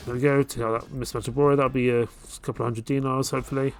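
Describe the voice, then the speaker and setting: A man hosting a let's play, talking through his game in a laid-back, thinking-aloud way. His voice sits at an ordinary middle pitch. Faint game music plays behind him. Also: quick pace. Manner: relaxed, thinking aloud while playing. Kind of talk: casual gameplay commentary.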